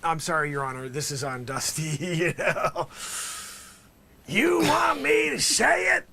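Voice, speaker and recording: A man hosting an improv comedy show, hamming it up as a lawyer in a mock courtroom, swinging from loud calls to near whispers. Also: on the high side, animated, measured pace, a little hiss or hum. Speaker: host. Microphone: video call.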